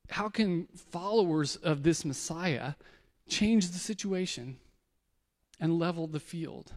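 A man's voice: on the high side, a little mellow, in a large hall. A man preaching a conversational sermon as a pastor, telling stories casually and often restarting words.

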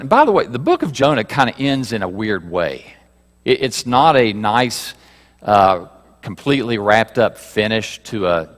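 A man preaching a sermon to his congregation, asking rhetorical questions and moving between loud emphasis and quiet asides. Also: mid-range voice, in a large hall. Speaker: pastor.

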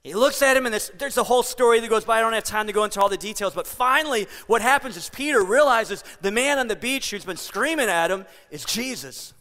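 High, bright-voiced preacher man. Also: expressive, fast talker, few pauses, big-room sound. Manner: earnest, conversational, emphatic. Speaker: pastor. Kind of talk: sermon.

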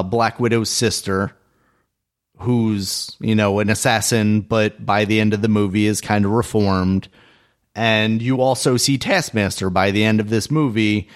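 Low-voiced man in casual chat. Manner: relaxed, hedging with fillers. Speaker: podcast co-host.

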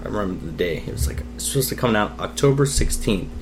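A man's voice: fairly low pitch, expressive, quick pace, background noise. A young man, a podcast guest, telling a personal story in casual talk over drinks, candid and swearing freely. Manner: candid, swears freely, acts out quoted voices.

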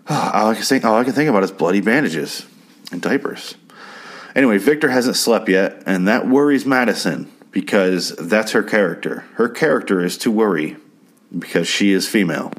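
Low-voiced and expressive, a man talks at normal speed through a casual spoken recap of a TV episode. He's crude, sarcastic and rambling, occasionally imitating characters.

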